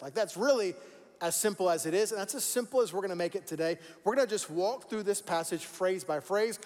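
A man's voice: sits high, fast talker, long reverb tail. A man preaching a sermon as pastor, conversational and repeating words for emphasis. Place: church sanctuary.

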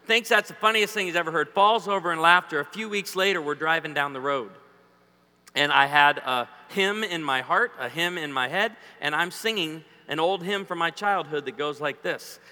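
A man's voice: fairly high pitch, moderate pace. A man preaching a humorous sermon in a church, joking and quizzing the audience. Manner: lively, jokey, quizzes the audience. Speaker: guest preacher. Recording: echoey hall.

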